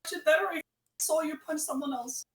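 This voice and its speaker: High-pitched woman on a distant echoey mic. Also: steady tone, fast talker, a bit bright, slight background noise. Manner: giggly, playful. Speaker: player. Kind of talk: tabletop game play.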